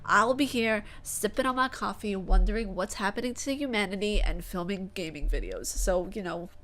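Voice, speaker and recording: A woman's voice: medium pitch, lively intonation, normal speed, fairly bright tone, slight background noise. A woman with a New York accent chatting casually to her gaming channel, sassy and rambling, often correcting herself mid-sentence. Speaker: gaming YouTuber. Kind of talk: casual vlog chat.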